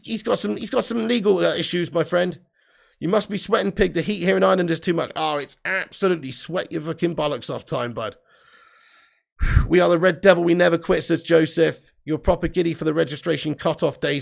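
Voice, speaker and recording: A gravelly, fry-heavy young man from England with a southern English accent hosts a football live stream. His voice sits fairly high for a man. He chats loosely and swears freely as he reads out viewer comments. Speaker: football channel host. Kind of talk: live-stream chat reading.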